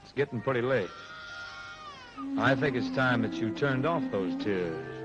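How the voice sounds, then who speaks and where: An actor playing a relaxed, teasing young cab driver who croons a lullaby, in 1930s film style. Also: male voice, medium pitch, a little slow, close to an everyday voice. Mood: crooning. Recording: dull old film soundtrack with music.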